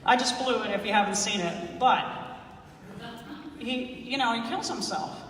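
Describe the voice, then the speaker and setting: A woman's voice: a little high, a little slow, a bit bright. A woman therapist giving a heartfelt, emotional conference talk, laughing and weeping openly as she speaks. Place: large conference hall. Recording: echoey hall, voice from far off.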